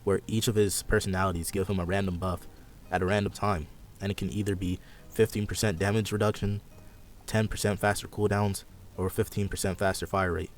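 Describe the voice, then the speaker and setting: Brisk and level-toned, a young podcast host with a low voice rambles through his ideas in a casual gaming chat. His manner is relaxed and a touch sarcastic.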